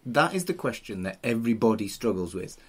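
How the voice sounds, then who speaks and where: A man's voice: mid-range voice, big pitch swings, fairly quick, husky. A British man hosting a podcast interview, chiming in with short, encouraging and jokey remarks. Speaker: podcast host, celebrant.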